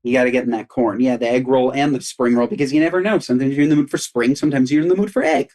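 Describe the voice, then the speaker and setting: A man co-hosting a podcast, joking in animated casual chat with his pitch swinging up and down. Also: racing. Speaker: podcast co-host.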